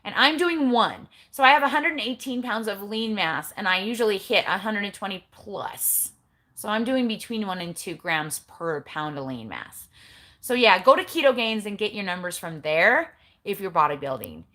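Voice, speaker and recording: A woman's voice: mid-range voice, lively intonation, moderate pace, pushed and bright. A middle-aged woman chatting casually on a livestream recorded on her phone, blunt and chatty with eye-rolling asides. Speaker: keto vlogger.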